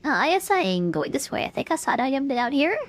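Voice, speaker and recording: A woman's voice: high-pitched, sing-song, quick pace. A woman streamer giving chatty, casual commentary while playing a game and talking to her chat. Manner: chatty, filler-heavy, talks to chat.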